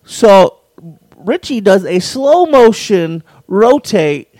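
A man's voice: high-pitched, sing-song, takes it slowly, darkish tone, no echo. A man co-hosting a podcast, telling a crude story in casual chat and laughing as he goes. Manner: laughs while telling, acts out others' lines. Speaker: podcast co-host.

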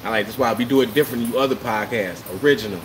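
A man co-hosting a podcast, bantering loosely in slang and getting loud when hyped. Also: medium pitch, very fast, background noise. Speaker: podcast co-host. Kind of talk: casual chat.

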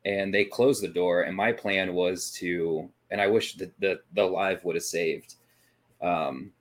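A man's voice: low-pitched, fairly even intonation, unhurried. A man co-hosting a paranormal podcast, casually recapping a ghost-hunting night, rambling with frequent restarts. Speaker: paranormal investigation podcast co-host.

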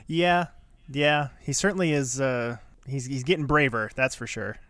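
A man's voice: mid-range voice, normal speed, a bit bright, no room sound. A man co-hosting a podcast, chatting casually in a loose, rambling way. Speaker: podcast co-host. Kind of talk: casual chat.

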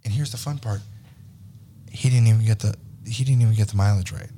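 Thirties male podcast host; lively, profane storyteller who plays out both sides of conversations; lowish, dark tone. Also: brisk, slight background noise. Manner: animated, profane, acts out quoted dialogue. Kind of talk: casual storytelling chat.

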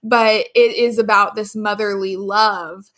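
A woman's voice: mid-range voice, fairly even intonation, unhurried, fairly bright tone. A woman co-hosting a book podcast, explaining her views at length in a casual, thoughtful way. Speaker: podcast co-host.

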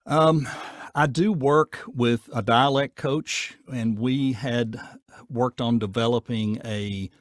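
A man with a Southern accent, talking casually in an interview in a folksy, down-to-earth way with a gruff edge. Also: mid-range voice, steady tone, slow pace, no echo, studio quality. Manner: folksy, down-to-earth, rambling with fillers. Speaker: voice actor guest.

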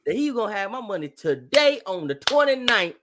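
A man hosting a casual podcast chat, telling animated stories and slipping into exaggerated voices. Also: high-pitched, brisk, background noise. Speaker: podcast host.

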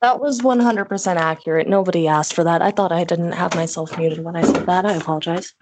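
A woman's voice: lowish voice, fairly quick, background noise. A woman in casual podcast chat, apologizing after being muted on an online call.

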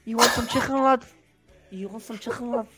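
A man's voice: fairly quick, sharp tone, faint music behind. A man doing an exaggerated, jokey impression of a Liverpool lad with a put-on Scouse accent. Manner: over-the-top mock accent, high-pitched.

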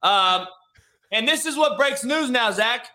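Guy hosting a sports chat, high pitched, super bright tone, swears a lot and stumbles over his words. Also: animated, a little slow. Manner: laid-back, swears freely, stammers and restarts. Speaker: podcast host. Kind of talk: casual sports talk.

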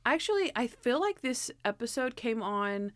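A young woman chatting casually about a TV episode, animated, acting out the characters' lines, with lots of "like" fillers. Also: a little high, moderate pace, no echo, clean studio sound. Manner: frequent "like" fillers. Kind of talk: casual chat recapping a TV episode.

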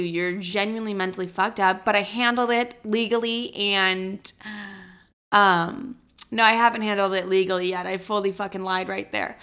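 A young woman with a bright, sharp voice chats alone on her podcast, rambling from one thought to the next. She swears freely and trips over her own words. She sounds wired on caffeine. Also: medium pitch. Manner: rambling, chatty, swears often. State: highly caffeinated. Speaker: podcast host. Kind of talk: casual solo podcast chat.

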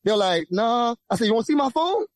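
A young man from Louisiana with a Louisiana accent, telling a profane, lively story as a podcast guest and acting out the voices of the people in it. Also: a little fast, no room sound. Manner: lively, profane, acts out quoted voices with big pitch jumps. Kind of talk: animated storytelling.

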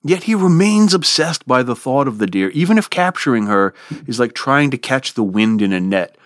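A man giving a podcast lecture on poetry in an expressive, lively way, relishing the verse. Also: medium pitch, normal speed, dry recording, studio quality. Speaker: literature lecturer.

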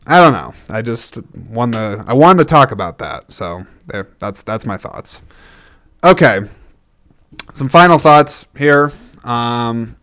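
Smooth-voiced man rambling on his podcast. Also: mid-range voice, expressive, takes it slowly, a bit bright. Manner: rambling, thinking aloud with many restarts; self-deprecating and easygoing. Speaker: podcast host reviewing movies. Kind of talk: casual solo podcast talk.

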